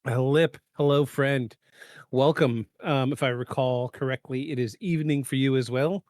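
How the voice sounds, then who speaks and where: Guy hosting a podcast, rambles with lots of ums, keeps clearing his throat, mid voice, dry close mic. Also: mid-range voice, fairly even intonation, normal speed, darkish tone, no echo. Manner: rambling, many fillers, self-correcting. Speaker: podcast host. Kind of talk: casual live podcast chat. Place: home setup in the eastern US.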